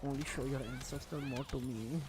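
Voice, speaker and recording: A man's voice: mid-range voice, steady tone, fairly quick, noisy background, voice pushed down, lightly acted. A man voicing a pushy male tech-support scam caller with a put-on Indian English accent and stiff, wheedling phrasing. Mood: low scheming. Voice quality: formal broken phrasing, wheedling.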